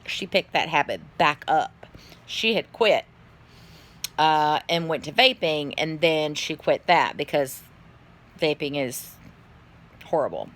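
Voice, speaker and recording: A woman's voice: sits low, animated, slow, long pauses, a bit bright. A tired middle-aged woman, chatting casually to her phone camera in a rambling way, yawning and swearing now and then. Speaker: vlogger.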